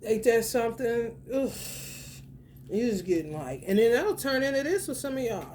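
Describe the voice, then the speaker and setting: Animated woman with a lively high voice. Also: moderate pace, slight background noise. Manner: animated, laughs often, slangy, swings from loud to soft. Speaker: spiritual reader. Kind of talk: casual spiritual monologue.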